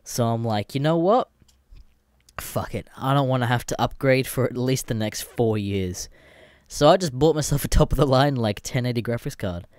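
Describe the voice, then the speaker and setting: Speaking at normal speed in a medium-pitched, slightly mellow voice, a young Australian man runs his podcast alone. He rambles, curses and laughs often, and the dry recording has a clean studio sound.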